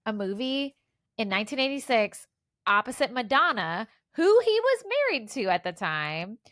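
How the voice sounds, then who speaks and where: A woman's voice: on the high side, sing-song, moderate pace, fairly bright tone, no room sound, studio quality. A woman in her forties co-hosting a casual podcast, chatting through film trivia with lots of fillers. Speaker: podcast co-host. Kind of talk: casual chat.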